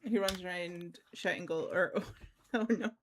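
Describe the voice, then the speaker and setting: A woman's voice: on the low side, a little slow, noisy background. A woman livestreaming a cozy game, chatting casually and thinking aloud with lots of ums. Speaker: livestreamer playing a life-sim game. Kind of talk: casual game-stream chat.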